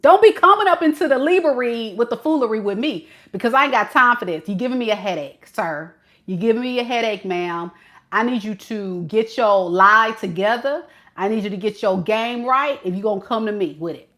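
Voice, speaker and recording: A woman's voice: a little high, lively intonation, a little fast, fairly bright tone. A woman giving a casual tarot reading to camera, talking in a sassy, slangy way and laughing often. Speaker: tarot reader.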